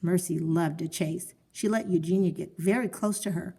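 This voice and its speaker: A woman calmly narrating a children's story, reading it aloud. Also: fairly low pitch, normal speed, breathy edge.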